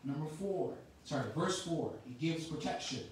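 A woman's voice: deep voice, animated, moderate pace, few pauses, background noise. Echoey woman preaching a passionate sermon. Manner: impassioned, swings from loud exhortation to quiet reflection. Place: church sanctuary. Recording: very echoey church from a distant mic.

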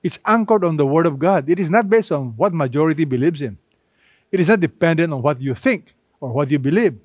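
A man delivers a sermon in a somewhat high voice, leaning hard on repeated phrases and stretching key words with pauses. The sound is close and dry, with little room echo. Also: expressive. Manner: emphatic, repetitive preaching with dramatic pauses. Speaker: pastor.

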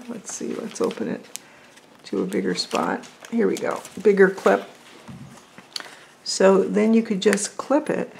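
A woman's voice: medium pitch, creaky, a little mellow, a little hiss or hum. A woman vlogging as she makes paper crafts, chatty and thinking aloud as she works. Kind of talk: casual crafting chat.

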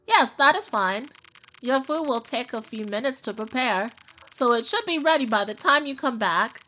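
A woman's voice: on the high side, animated, moderate pace, sharp tone, slight background noise. A woman voicing a polite female restaurant clerk in a video game, speaking formally and courteously.

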